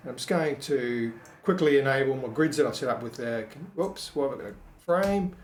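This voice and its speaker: A man casually walking through a screen-share design tutorial, thinking aloud with frequent ums and quick self-corrections. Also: medium pitch, darkish tone, slight background noise. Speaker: web designer teaching a tutorial. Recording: echoey room.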